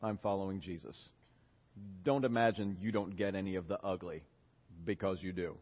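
A middle-aged man preaching a lively sermon, quizzing the congregation and acting out prayers. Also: deep voice, moderate pace. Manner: animated, questions the congregation, acts out prayers. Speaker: pastor. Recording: dull reverberant hall.

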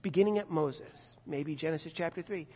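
A man's voice: a little high, moderate pace, husky. A man preacher retelling a scripture story in a conversational sermon, with vivid asides and rhetorical questions. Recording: dull lo-fi echoey hall.

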